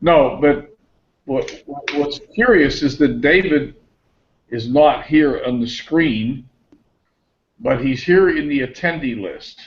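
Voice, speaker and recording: Guy hosting a group video chat, slightly high voice, talks himself through the tech, muffled call sound. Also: takes it slowly. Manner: chatty, thinks aloud while sorting out tech. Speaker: host of an online discussion group.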